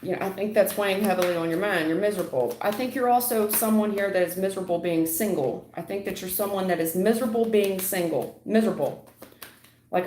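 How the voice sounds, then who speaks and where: A woman's voice: medium pitch, a little fast, a little mellow, a little hiss or hum. A woman giving blunt live tarot readings to viewers, calling them honey and sweetheart, lecturing and keeping it real. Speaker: tarot reader. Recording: echoey room.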